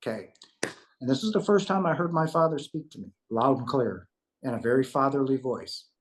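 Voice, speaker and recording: A man tells a spiritual testimony in an earnest, emphatic way. His voice sits at a middle pitch, and he circles back on his words, asking "right?" to pull the listener along. It sounds like an interview over a remote call. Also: expressive, fairly quick, poor audio. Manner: emphatic, repeats himself, rhetorical "right?". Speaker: interview guest.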